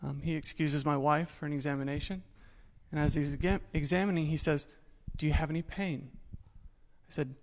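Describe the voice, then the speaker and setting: Male speaker, 30ish, fairly high voice, frank personal story with acted-out dialogue, self-mocking humor. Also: steady tone, brisk, rough recording. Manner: candid, self-deprecating, acts out dialogue. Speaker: speaker telling his survival story. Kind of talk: personal storytelling talk on stage.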